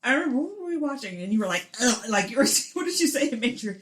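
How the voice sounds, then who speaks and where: A woman's voice: on the high side, very animated, racing, fairly bright tone. A woman co-hosting a podcast in casual chat, swearing freely, laughing often and reading trivia aloud. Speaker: podcast co-host.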